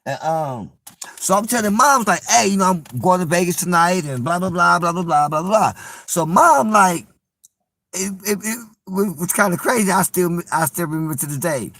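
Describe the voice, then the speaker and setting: A man's voice: high-pitched, lively intonation, moderate pace, fairly bright tone, no echo. A young man telling a personal story in casual slang, acting out the voices of the people he quotes.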